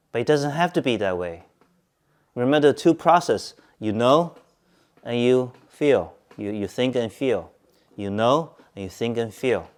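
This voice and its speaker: A man teaching Buddhism at a Zen centre, speaking calmly, repeating points and asking his listeners questions. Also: medium pitch, clear, resonant tone. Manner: calm, repetitive, asks listeners questions. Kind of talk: Dharma talk to a group.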